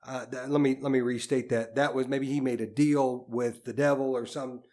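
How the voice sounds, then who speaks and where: A man's voice: medium pitch, fairly even intonation, normal speed, warm tone. A man co-hosting a podcast, tentatively working through his ideas with frequent restarts. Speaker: podcast co-host. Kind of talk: casual podcast discussion.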